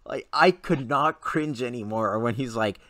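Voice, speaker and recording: A man's voice: mid-range voice, normal speed, no room sound. A man co-hosting a casual podcast chat, telling anecdotes animatedly and acting out what others said. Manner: animated storytelling with lively quoted voices. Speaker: podcast co-host.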